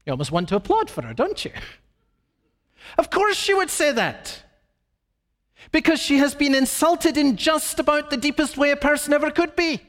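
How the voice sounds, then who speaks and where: High-voiced man preaching emphatically. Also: very animated, moderate pace, long pauses, fairly bright tone. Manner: emphatic, dramatic shifts in pace and pitch. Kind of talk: sermon. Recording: long reverb of a large hall.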